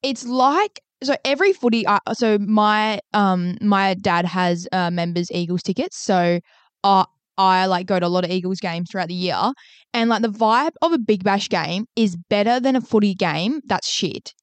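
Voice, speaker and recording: A woman's voice: mid-range voice, normal speed, dry recording. A woman, co-hosting a casual podcast chat, swearing and rambling. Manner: sweary, rambling, laughs often. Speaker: podcast co-host.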